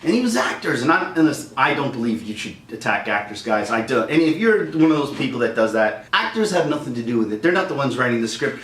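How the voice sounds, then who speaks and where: Middle-aged guy ranting on his vlog, all over the place pitch-wise, echoey room, mic kinda far. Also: fast talker, hardly any pauses. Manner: heated, animated, acts out voices. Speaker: vlogger. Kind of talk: angry rant. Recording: roomy echo, distant mic, faint noise.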